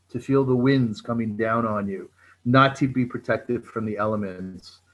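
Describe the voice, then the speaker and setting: A man from Canada, a charity founder, telling a story over a video call and acting out the dialogue in a measured way. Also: mid-range voice, muffled recording. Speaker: charity founder and guest speaker. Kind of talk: storytelling talk.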